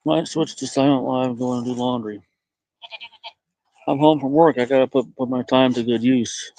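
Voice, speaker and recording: A man rambles through a casual live stream as he tends his goats outdoors, drifting between complaints to his viewers and gentle coaxing of the animals. His voice sits at an ordinary middle pitch. The sound is dry and close, with no room echo. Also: steady tone, moderate pace. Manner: rambling, talks softly to animals. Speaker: livestreamer tending goats. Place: outdoors in a farmyard.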